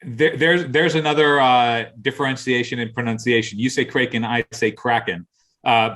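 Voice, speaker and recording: A man's voice: mid-range voice, pushed and bright. A man co-hosting a casual podcast, explaining at length and enthusiastically, with some stammering. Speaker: podcast co-host. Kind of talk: casual chat about card game spoilers.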